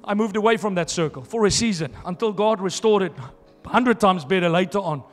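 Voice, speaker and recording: High-voiced male pastor preaching in a hall. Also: a little fast. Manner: emphatic preaching, repeating phrases for stress. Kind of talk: sermon. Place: church hall.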